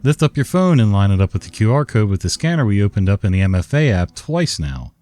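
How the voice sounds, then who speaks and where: A tired help-desk worker stays politely on script, his lowish voice rising and falling with a lively lilt, as a man reads him. Faint guitar sits under a dry, close sound. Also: quick pace, no room sound. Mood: patient. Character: patient, weary male help-desk worker.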